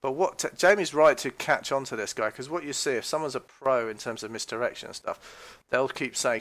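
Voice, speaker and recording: A man's voice: expressive, fast, hardly any pauses, fairly bright tone. A man giving casual, mocking commentary on a police recording, swearing freely and now and then mimicking voices. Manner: mocking, mimics voices with sudden high outbursts.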